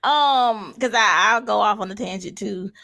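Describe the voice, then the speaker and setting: A woman's voice: mid-range voice, moderate pace, vocal fry, sharp tone. A woman co-hosting a podcast, chatting in an easygoing way with casual slang. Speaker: podcast co-host. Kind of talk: casual chat.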